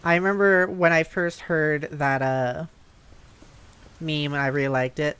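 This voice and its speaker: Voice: mid-range voice, steady tone, a little slow, a bit bright, clean tone. A VTuber streamer chatting casually while gaming, chatty and a bit self-conscious.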